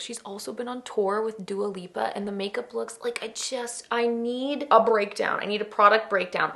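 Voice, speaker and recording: A woman's voice: mid-range voice, a bit bright. A young woman chatting through a makeup tutorial, gushing and chatty, with many fillers. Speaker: beauty vlogger. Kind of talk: casual makeup tutorial chat.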